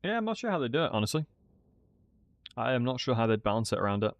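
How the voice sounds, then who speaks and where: A man's voice: medium pitch, sing-song, quick pace, dry recording. A man giving casual commentary while playing a strategy game, chatting and thinking aloud. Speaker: gaming streamer.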